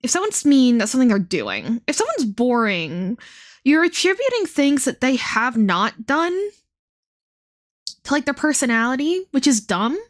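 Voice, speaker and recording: On a casual chat stream, a woman in her twenties rambles at a moderate pace, her high voice swinging hugely in pitch and packed with fillers. Her lips are sore and blistered, so she speaks with her mouth held nearly closed.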